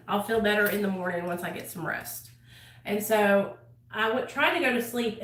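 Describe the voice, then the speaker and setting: Brief: bright, higher-pitched woman vlogger, candid and foul-mouthed, echoey room, mic set back. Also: distant mic. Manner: blunt, heavy swearing, lots of fillers. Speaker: channel host sharing her recovery story. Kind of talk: casual storytelling to camera.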